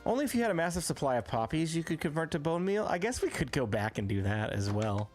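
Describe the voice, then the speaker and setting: Over soft background music, a man with a slightly high, sing-song, a little mellow voice speaks at a quick pace. Playing a game on a live stream, he chats casually, reading out messages from chat and responding to viewers.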